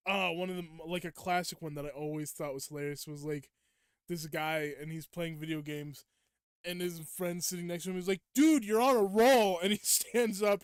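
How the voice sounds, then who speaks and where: A man's voice: fairly high pitch, a bit bright, smooth, dry recording, clean studio sound. A young man streaming a game and chatting casually with viewers, ranting at them in playful mock indignation. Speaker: gaming streamer. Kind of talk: casual live gameplay chat.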